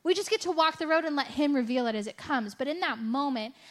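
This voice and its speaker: A woman's voice: high-pitched, expressive, fast, fairly bright tone. A woman giving a conversational sermon testimony, telling her story candidly with a self-mocking streak and a lot of "like" and "right?". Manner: chatty storytelling with frequent "like" and "right?". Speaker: speaker sharing a faith testimony.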